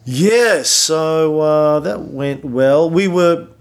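A middle-aged man hosting a podcast, chatting casually late at night in a hotel room, a little hoarse and rambling with many fillers and restarts. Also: on the high side, very slow. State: losing his voice. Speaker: podcast host.

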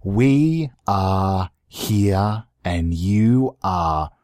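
A man voicing a seductive late-night male radio announcer, crooning slowly and dropping his voice low. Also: animated, a little mellow, dry recording, clean studio sound, full character voice. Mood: sultry. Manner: slow, drawn-out, breathy crooning. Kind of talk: mock seductive show intro.

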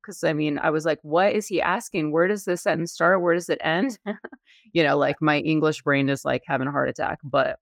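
A woman co-hosting a casual panel show, chatty and quick to laugh, with many fillers. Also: low-pitched, gravelly, no echo, studio quality. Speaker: podcast co-host.

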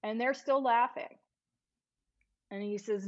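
A woman lawyer recounts a case in a slow, deliberate way. She leans into the story and acts out the lines of the people in it. The recording sounds dull and lo-fi. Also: medium pitch. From Los Angeles-based. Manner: vivid retelling, acts out quoted speech. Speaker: trial lawyer, podcast guest. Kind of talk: storytelling in conversation. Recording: dull lo-fi audio.

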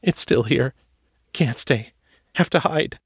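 A man's voice: medium pitch, animated, slow pace, husky, no room sound, clean studio sound, pitched above the performer's own voice, heavily acted. A man voicing the frightened ghost of a young girl who speaks in clipped, broken phrases. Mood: fearful.

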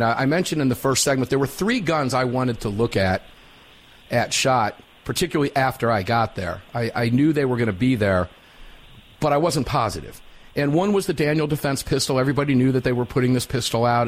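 An energetic middle-aged man hosts live talk radio in an ordinary mid-range voice. He is folksy and upbeat, drawing out words when he wants to drive a point home. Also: medium pitch. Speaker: radio talk show host.

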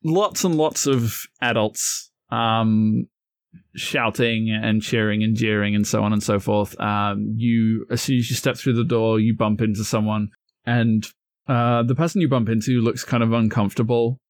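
A man narrating scenes as game master of a tabletop game, relaxed and full of fillers. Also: on the low side, a little slow, no room sound.

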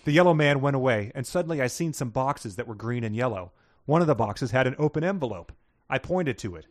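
A man's voice: medium pitch, expressive, a little fast, no room sound, studio quality, lightly acted. A man putting on a folksy Southern drawl. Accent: American Southern, put on. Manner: folksy drawl with broken grammar. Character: slow-witted Southern man narrating his adventures.

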